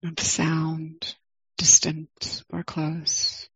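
A middle-aged woman leading a guided meditation, speaking calmly and gently with long pauses. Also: deep voice, slightly rough, no room sound, low-quality recording. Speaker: meditation teacher.

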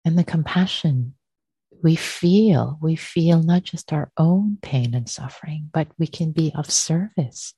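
Slow, breathy, low-voiced woman teacher. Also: dry recording. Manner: slow, gentle, repeats phrases softly. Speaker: meditation teacher. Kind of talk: dharma talk.

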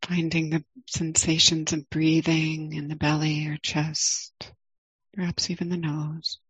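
A middle-aged woman leading a guided meditation, speaking calmly and gently with long pauses. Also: low voice, breathy edge, no echo, poor audio. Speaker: meditation teacher.

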